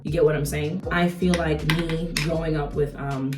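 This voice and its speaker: A woman's voice: sits low, normal speed, echoey room, far from the mic, over music. A young adult woman talking casually while she does her makeup, chatty and slangy with lots of rhetorical asides. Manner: slangy and animated. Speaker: beauty vlogger.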